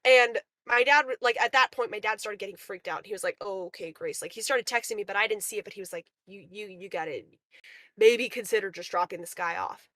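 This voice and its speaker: A young woman calling into a livestream, telling an animated story and acting out the people in it. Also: mid-range voice, brisk, dry recording. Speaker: caller. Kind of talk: casual chat. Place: remote call into a livestream. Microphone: call audio.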